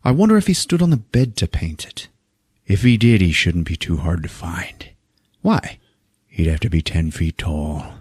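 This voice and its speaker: A man's voice: low-pitched, lively intonation, normal speed, a little mellow, slightly rough, dry recording, clean studio sound. A man co-hosting a podcast, retelling a movie scene by scene in casual chat, swearing freely and acting out the characters' lines. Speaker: podcast co-host recapping a movie.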